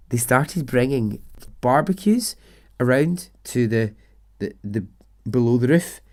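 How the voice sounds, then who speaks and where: Mellow-voiced man telling a story. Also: medium pitch, animated, takes it slowly, long pauses. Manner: chatty, swears, laughs at absurd details. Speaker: podcast host and storyteller. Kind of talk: casual storytelling narration.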